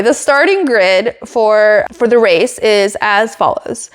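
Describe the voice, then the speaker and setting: A young woman hosting a podcast, giving a chatty, giggly, animated race recap. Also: on the high side, slow. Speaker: podcast host.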